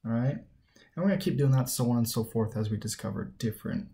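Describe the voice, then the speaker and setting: A man's voice: mid-range voice, a little fast, creaky, warm tone. A man teaching a recorded Latin grammar lesson, patient and methodical, often checking in with the listener.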